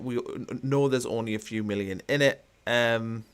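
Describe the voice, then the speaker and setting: A man's voice: medium pitch, normal speed, smooth. A man hosting a football watchalong, chatting casually with many fillers and restarts while he reads out live comments.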